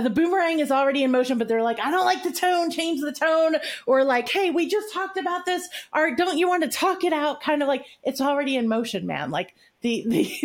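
A woman coaching a client and group, teaching in emphatic, repetitive phrases. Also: a little high. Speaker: relationship coach. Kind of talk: coaching session talk.

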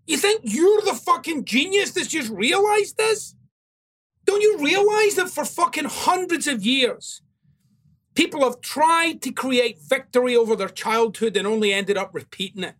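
A man's voice: very high-pitched, lively intonation, measured pace, a bit bright. A man delivers a self-help monologue in a blunt, confrontational way. He swears often and presses the listener with pointed questions. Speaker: host of a self-help talk show. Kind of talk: motivational monologue.

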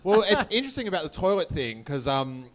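A man's voice: on the high side, sing-song, fast talker, crowd noise. A man hosting a casual podcast, wry and joking, with many fillers as he asks questions. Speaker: podcast host.

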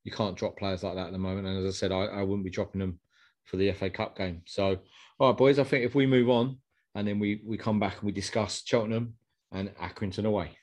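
A man hosting a fan podcast, brisk in casual football chat and steering the talk along. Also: on the low side, steady tone, darkish tone. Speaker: podcast host.

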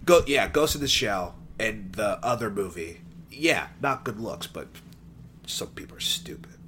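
A man's voice: lowish voice, lively intonation, measured pace, sharp tone, slight background noise. A man co-hosting a casual movie review chat, rambling with playful asides. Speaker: podcast co-host.

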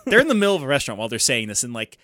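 Fast-talking, agreeable man co-hosting. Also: medium pitch, big pitch swings, bright, forceful tone, no room sound, studio quality. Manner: quick, agreeable, frequent yeahs. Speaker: podcast co-host. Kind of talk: casual chat recapping a TV show.

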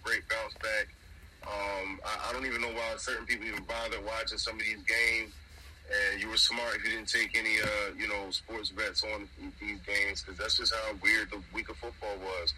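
A man co-hosting a podcast, ranting about football in a profane, animated casual chat over a noisy recording. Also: on the low side, moderate pace. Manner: profane, animated sports rant. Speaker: podcast co-host.

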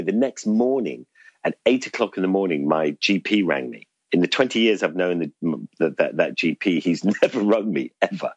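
Husky, low-voiced man. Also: no room sound, highs cut off. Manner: rambling, self-deprecating, laughs often. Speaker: interview guest. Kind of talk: casual anecdotal storytelling.

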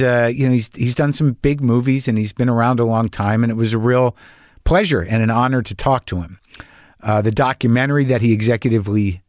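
A man's voice: medium pitch, no room sound, clean studio sound. A man hosting a podcast, talking in a rambling, profane, stop-and-start monologue. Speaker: podcast host. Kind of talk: casual monologue.

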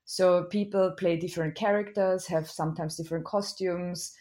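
A woman's voice: on the low side, fairly even intonation, normal speed, mellow. A woman with an Austrian German accent, a comedian talking as a podcast guest, friendly and explanatory. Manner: friendly, explanatory, laughs easily. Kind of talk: casual interview chat.

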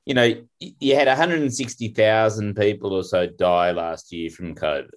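Low-voiced man, thoughtful. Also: normal speed. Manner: thoughtful, hedging with fillers. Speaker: podcast co-host. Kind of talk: casual discussion.

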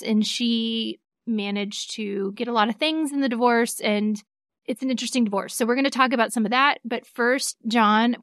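A woman attorney co-hosting a casual podcast, chatty and quick to laugh at herself, with a faint Southern accent she mostly hides. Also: a little high, a bit bright, no echo, studio quality. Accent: Southern American, mostly hidden. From American South. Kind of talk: casual legal podcast chat.

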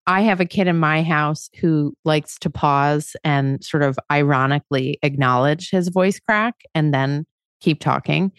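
A woman's voice: low-pitched, a little slow, smooth, no echo, clean studio sound. A middle-aged woman co-hosting a podcast, talking through parenting questions in a conversational way. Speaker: podcast co-host. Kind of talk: casual parenting discussion.

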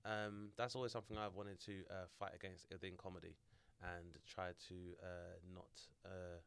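A man hosting a podcast, his low voice smooth and resonant. He asks long, thoughtful questions, pausing on fillers. The sound is dry and close. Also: flat delivery, fairly bright tone, no echo. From South East London. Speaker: podcast host. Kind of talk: casual podcast chat.

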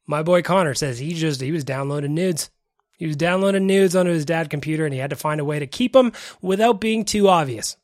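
A man hosts a casual podcast and reacts to listener voicemails. His voice sits a little high and sounds dry and close to the mic. He talks loosely, laughs easily, swears, and piles on grateful thanks. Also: no room sound. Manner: profane, laughing, effusively grateful. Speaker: podcast host.

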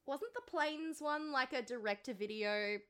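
Bright, laughing woman. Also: high-pitched, unhurried, clean tone. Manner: laughs often, swears freely, playful. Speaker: podcast co-host. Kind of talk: casual chat.

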